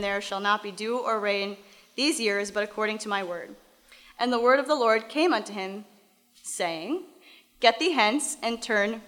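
A woman's voice: on the high side, fairly bright tone. A woman teaching from the Bible, reading verses aloud and then explaining them in a casual, conversational way.

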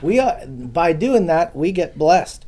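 A man teaches from the Bible to a small gathering in a loose, conversational way. His voice is mellow and dark, and he keeps turning to the listeners with questions. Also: fairly high pitch, sing-song, takes it slowly. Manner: casual, chatty, asks the audience questions. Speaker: preacher. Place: room with a small live audience.

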